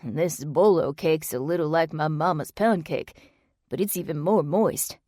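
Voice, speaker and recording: A man's voice: fairly high pitch, unhurried, a little mellow, no room sound, clean studio sound, lightly acted. A woman reading the lines of an eager, good-humored man in a bible study group.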